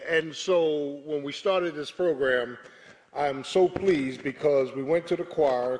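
A man with a slightly high, mellow voice preaches to his congregation during a service, urging them on in call-and-response. It's recorded in a large church sanctuary, and the hall echoes with the congregation around him.

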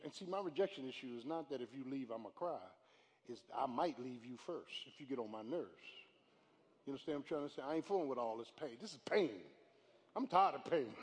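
An older man, a pastor, preaching a live sermon, dropping to hushed storytelling and then rising to loud shouts. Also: on the high side. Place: church sanctuary. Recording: live church hall with long reverb.

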